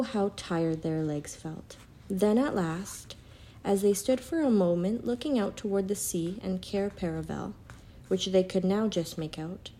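A woman reading a children's storybook aloud. Her narration stays calm and even, at a middling pitch.

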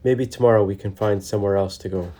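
A man voicing a polite, apologetic female squirrel who speaks quietly. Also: fairly low pitch, steady tone, fast, lightly acted.

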